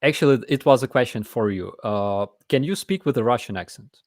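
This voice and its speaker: A man's voice: mid-range voice, brisk, a little mellow, no room sound, studio quality. A man, hosting a casual live chat and talking in a blunt, emphatic way. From Ukraine. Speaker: host.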